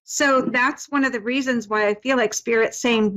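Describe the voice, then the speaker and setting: A woman giving a psychic reading to a caller on her show. Her voice sits a little high, and she speaks soothingly and reassuringly, stopping often to restart her sentences. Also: steady tone, normal speed, few pauses, a bit bright, poor audio. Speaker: psychic medium host.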